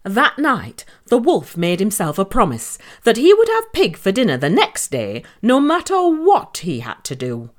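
A woman reading a children's story aloud in an expressive, playful way. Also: mid-range voice, unhurried, few pauses.

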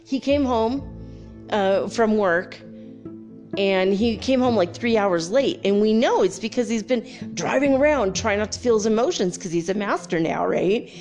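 Animated laughing woman storyteller. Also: medium pitch, normal speed, soft background music. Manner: animated storyteller who laughs often and mimics sounds; loose and frank, with swearing and fillers. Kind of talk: casual anecdote turned life lesson.

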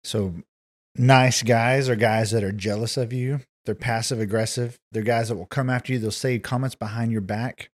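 A man's voice: mid-range voice, fairly even intonation, normal speed. A man on a podcast speaking in an emphatic, preachy way during a casual conversation.

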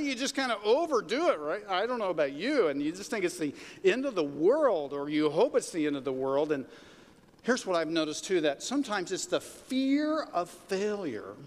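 A male pastor preaches a sermon in a relaxed, conversational manner, frequently throwing "right?" and "okay?" out to the room. His voice is a bit high for a man, and a long reverb from a large hall trails after his words.

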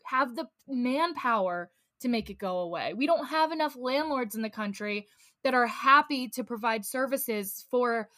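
A woman's voice: on the high side, lively intonation, normal speed, pushed and bright, no room sound, clean studio sound. Fired-up woman podcast co-host. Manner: fired-up, rants and acts out angry scenes. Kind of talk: casual podcast chat.

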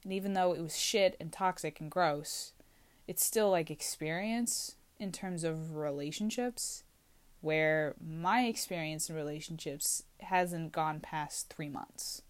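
Tucked inside a small closet, a vlogger in her twenties talks anxiously to camera in a deep voice at a slightly slow pace. The confessional video is casual, and she rambles while second-guessing herself.

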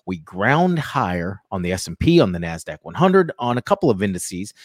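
Man, co-host, trading chat, animated pitch, joking, dry close sound. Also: moderate pace, no room sound. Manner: lively, jokey, vivid chart talk. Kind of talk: casual market commentary.

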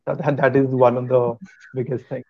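A man's voice: medium pitch, level tone, moderate pace, creaky, slightly rough, no room sound, narrow, tinny audio. A man hosting an interview, asking hesitant questions full of fillers. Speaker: host. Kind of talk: casual interview.

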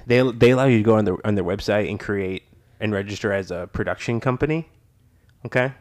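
A man with a fairly low voice hosts a loose podcast conversation from a living-room setup. He rambles, restarts his sentences and laughs his way through stories. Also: quick pace, a little mellow. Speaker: podcast host. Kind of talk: casual podcast chat. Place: living room home studio. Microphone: laptop podcast setup.

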